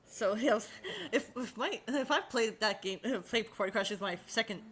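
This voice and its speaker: A woman's voice: on the high side, normal speed, fairly bright tone, a little hiss or hum. A woman hosting a casual chat on a call, laughing a lot and playfully repeating catchphrases. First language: English, with Spanish as a second language. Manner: giggly, lots of laughing and playful quoting. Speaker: host.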